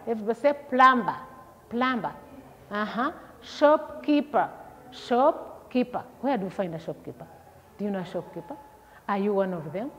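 A woman's voice: on the high side, slight background noise. A woman teacher leading a vocabulary lesson for young children, repeating each word and asking questions. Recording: long hall echo, dull lo-fi sound.

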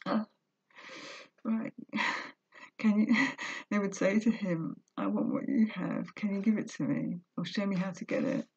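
A woman's voice: mid-range voice, measured pace, pauses often, darkish tone, breathy edge, no echo. A woman vlogger reading a book aloud and breaking off into earnest, emotional, confessional commentary. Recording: dull lo-fi recording.

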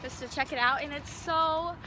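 A woman's voice: high voice, normal speed. A young woman chatting bubbly and casual in a travel vlog, filming on a handheld phone. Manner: bubbly, filler-heavy chatter. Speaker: vlogger. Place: airport, hotel and beach on a trip. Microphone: handheld phone camera. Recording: noisy phone video.

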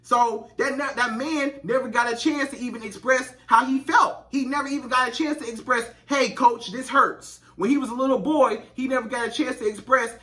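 A man's voice: extremely high pitch, steady tone, fairly quick, few pauses, sharp tone, far from the mic. A man, giving relationship advice in a vlog and talking straight to women in an emphatic, conversational way with lots of repetition. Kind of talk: direct-to-camera advice vlog.

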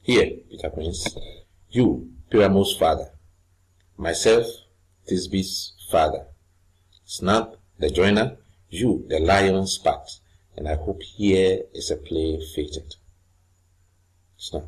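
A man teaching a literature lesson, reading lines of a play aloud slowly and then explaining them in plain words with some hesitation. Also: deep voice, husky, rough recording.

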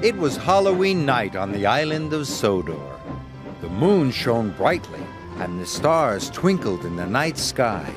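Man, storybook narrator, slow pace, animated pitch, background music. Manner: expressive, measured storytelling.

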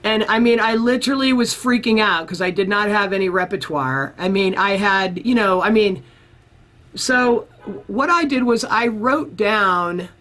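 A man being interviewed about his music career, telling a long story in a casual, rambling way and acting out the people he quotes. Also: high-pitched. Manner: animated storyteller who acts out the people he quotes; rambling, with many restarts.

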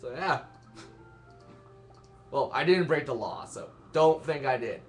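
A man's voice: mid-range voice, animated, measured pace. A young man giving rambling, self-mocking let's-play commentary and laughing at his own jokes. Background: game music.

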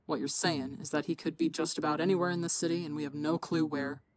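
A stoic masked young swordsman, as a woman reads him, plain and matter-of-fact. The voice stays low. Dry close recording. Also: steady tone, fast talker, dry recording. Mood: flat.

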